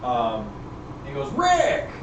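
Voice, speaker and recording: A man running a tabletop game as game master, lively and laughing, slipping briefly into character voices. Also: mid-range voice, moderate pace. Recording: roomy echo, distant mic, background noise.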